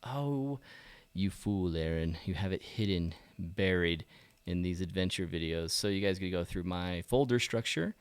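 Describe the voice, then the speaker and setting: A man hosting a casual photography live stream, telling his stories in an animated way and talking to himself. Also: deep voice, normal speed, smooth. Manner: animated storytelling, talks to himself. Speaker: photography channel host. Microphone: low-quality stream mic.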